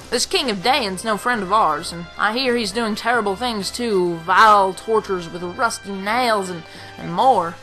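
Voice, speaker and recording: A woman's voice: medium pitch, bright, forceful tone, lightly acted, poor audio. A woman doing a folksy country militiaman. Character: rustic country militiaman, plain-spoken.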